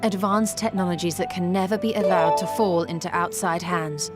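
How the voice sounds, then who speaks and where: Woman voicing a serious game character explaining secret stuff, lowish voice, music behind. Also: steady tone, moderate pace, natural voice.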